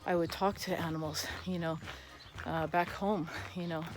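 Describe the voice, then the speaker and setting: A woman's voice: fairly low pitch, steady tone, normal speed, noisy background. A woman on a casual walking vlog, chatting outdoors with lots of "you know" fillers and delighted asides. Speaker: vlogger walking the Camino. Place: outdoors on a rural path.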